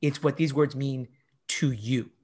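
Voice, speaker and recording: Man, life coach, casual podcast talk, animated storyteller, mid-pitched voice. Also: a little slow, breathy edge. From Argentinian and Italian heritage. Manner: enthusiastic, animated storytelling with laughs.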